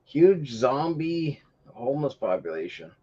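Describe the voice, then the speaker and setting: A man's voice: mid-range voice, big pitch swings, a little slow, warm tone, slightly rough. A man hosting a casual chat show, telling rambling stories and breaking into laughter often. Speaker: podcast host. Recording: dull lo-fi livestream audio.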